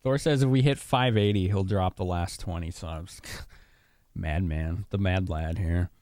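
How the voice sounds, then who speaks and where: A young man from Chicago streams a game, chatting casually with viewers and laughing often as he provides live-stream commentary. His voice is low-pitched, a little slow and a little mellow, captured in clean studio sound with no echo.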